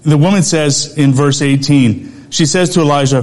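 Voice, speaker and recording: A man in middle age delivers a sermon through a personal story. His voice sits a little higher than usual for a man. He talks conversationally and laughs often between phrases. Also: normal speed, hardly any pauses, a little mellow. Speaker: preacher.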